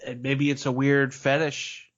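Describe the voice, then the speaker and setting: A man's voice: mid-range voice, completely flat delivery, measured pace, dull audio. A man appearing as a guest on a film podcast, chatty and opinionated, talking in a loose, slangy way. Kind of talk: casual film-review chat.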